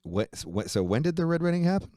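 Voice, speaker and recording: A man's voice: on the high side, fast, no echo, clean studio sound. A middle-aged man, a musician, telling a story in a casual interview with lots of swearing and fillers. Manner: profane, animated retelling with frequent fillers. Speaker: musician guest.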